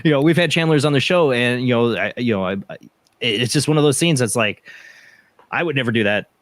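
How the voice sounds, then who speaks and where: A man's voice: medium pitch, lively intonation, fast, no echo. A man hosting a paranormal radio show, telling stories in casual rambling chat with many restarts. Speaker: podcast host.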